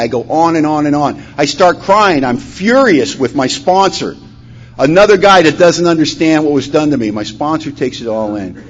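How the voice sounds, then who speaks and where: A man telling his recovery story at a conference, acting out the dialogue, his voice rising loud and dropping to a hush. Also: fairly high pitch, animated, moderate pace. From Washington state, USA. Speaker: recovery meeting speaker. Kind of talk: personal testimony talk. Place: conference hall. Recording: dull lo-fi conference recording, faint hum.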